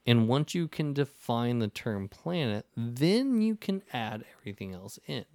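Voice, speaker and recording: A man's voice: mid-range voice, sing-song, measured pace, a little mellow, dry recording. A man hosting a casual podcast conversation, talking in long rambling stretches with many restarts and acting out the people in his stories. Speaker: podcast host.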